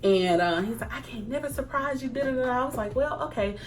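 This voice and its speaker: A young woman chatting casually to camera, animated, acting out quoted lines and laughing often. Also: a little high, brisk, soft background music. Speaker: vlogger. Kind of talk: casual storytime chat.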